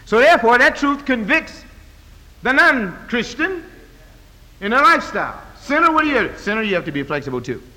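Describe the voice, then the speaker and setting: Мужчина читает проповедь в церкви, голос яркий и напористый, с долгим эхом зала. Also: male voice, big pitch swings, fairly quick. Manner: call-and-response preaching, swells from low talk to loud high cries. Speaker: pastor. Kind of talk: sermon. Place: church. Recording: long reverb of a church hall.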